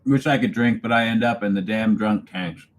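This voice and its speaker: A relaxed man from Canada talks through a casual evening livestream at home, answering viewers by name. His voice sits a little low, and he chuckles easily between comments. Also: normal speed. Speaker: channel host reading live chat.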